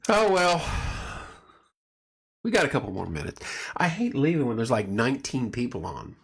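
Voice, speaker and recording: A man's voice: medium pitch, sing-song, moderate pace, fairly bright tone, slightly rough. Chatty man on a livestream. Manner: chatty, rambling storyteller greeting viewers. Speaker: livestream host. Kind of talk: casual livestream chat. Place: home room at night.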